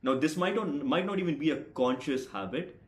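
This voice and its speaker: A man's voice: a little high, normal speed, echoey room. Brash, profane young man giving advice. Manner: brash, profane, says bro a lot. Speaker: speaking coach vlogger. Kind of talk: blunt advice monologue to camera.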